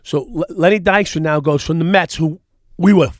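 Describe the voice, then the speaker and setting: A middle-aged man hosting a casual talk show, telling profane, animated stories and acting out the quotes. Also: fairly high pitch, a little fast, dry recording, clean studio sound. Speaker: podcast host. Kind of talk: casual storytelling chat.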